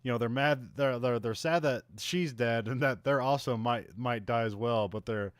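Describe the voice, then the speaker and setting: With a clean, mid-range voice at a moderate pace, this co-host rambles through a movie recap on a casual podcast, full of fillers and frequent chuckles. The recording is dry.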